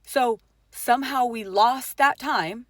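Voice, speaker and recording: A woman's voice: a little high, slow pace, no echo, studio quality. A middle-aged mother telling a personal story in a casual vlog, swearing often, with lots of fillers and emphatic swings.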